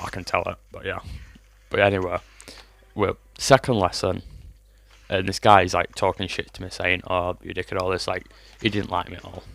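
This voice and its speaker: A man's voice: deep voice, creaky, a bit bright. A man, telling a rambling, sweary storytime to his vlog audience while fighting a cough. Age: 20s. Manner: rambling, swears often, lots of fillers. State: has a cough. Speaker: vlogger.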